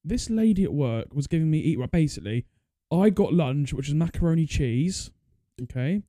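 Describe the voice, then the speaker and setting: A young man co-hosting a podcast, teasing his friend with deadpan remarks. His voice sits slightly high but sounds very dark and mellow. The sound is close and dry. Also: moderate pace, dry recording. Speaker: podcast co-host. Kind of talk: casual chat.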